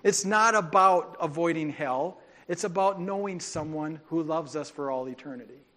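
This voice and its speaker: A man preaching a sermon as pastor, speaking in an animated, informal way with restarts and asides. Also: a little high, normal speed. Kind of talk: conversational sermon.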